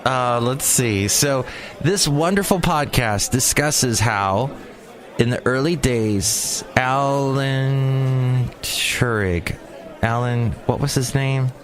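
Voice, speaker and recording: A man in his forties hosts a solo podcast from a small hot room, rambling through a casual monologue full of jokes and wandering asides. His voice is mid-range and he takes things slowly.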